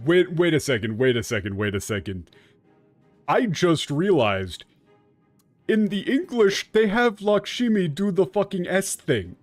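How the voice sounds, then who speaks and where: Slow, halting male game streamer. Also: sits high, very animated, dry recording, faint music behind. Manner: halting, many restarts, casual swearing. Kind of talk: live gameplay commentary.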